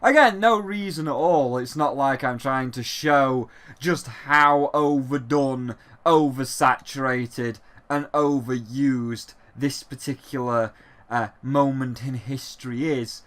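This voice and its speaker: A man's voice: mid-range voice, takes it slowly, fairly bright tone. A man reviewing a video game in a sarcastic, exasperated way, with plenty of swearing.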